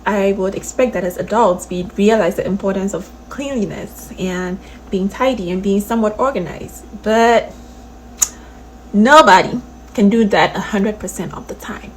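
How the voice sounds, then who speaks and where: A young woman from Ghana talking candidly in a casual vlog, giving gentle, reassuring advice. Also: mid-range voice, normal speed, slight background noise, poor audio. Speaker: vlogger.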